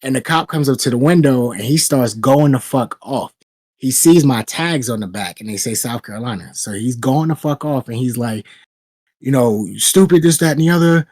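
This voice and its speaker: Podcast co-host, male, mid-pitched, blunt profane storyteller, dry close sound. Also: moderate pace, husky, no echo. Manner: profane storyteller, animated retelling. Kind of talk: casual chat.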